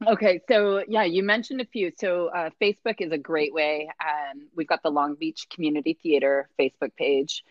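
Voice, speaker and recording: A woman's voice: sits low, steady tone, normal speed, few pauses, no room sound. A woman guest who leads a community theater, chatting casually and laughing easily. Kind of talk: casual interview chat. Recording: slightly dull, dry sound.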